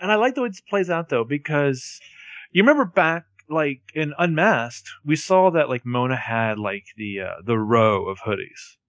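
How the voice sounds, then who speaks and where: A man's voice: a little high, no room sound, lo-fi sound. A man in casual conversation, walking through a TV episode beat by beat. His phrasing stretches out and is dotted with fillers. The recording is dry, with no room sound around the voice. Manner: relaxed, drawn-out phrasing with many fillers. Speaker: podcast co-host. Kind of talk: casual recap chat.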